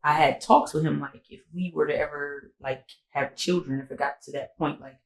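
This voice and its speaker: A young woman co-hosting a podcast, telling a personal story in a slangy, candid way and jumping higher in pitch when she quotes people. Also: steady tone, moderate pace, gravelly, reverberant, low-quality recording. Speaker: podcast co-host. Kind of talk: casual storytelling.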